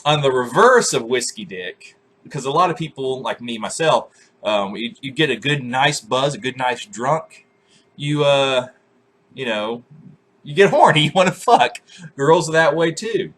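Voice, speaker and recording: A man in his twenties telling crude, comic stories to camera, cursing freely, laughing often and breaking into loud shouted re-enactments. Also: mid-range voice, lively intonation, a little slow, husky. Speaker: vlogger.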